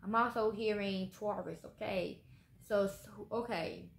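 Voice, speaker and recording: In an echoey room with a bit of background noise, a tarot card reader talks to viewers in an unhurried, creaky, medium-pitched voice. Her casual reading is blunt and full of swearing, and she keeps tacking "okay?" onto her lines as she trails off.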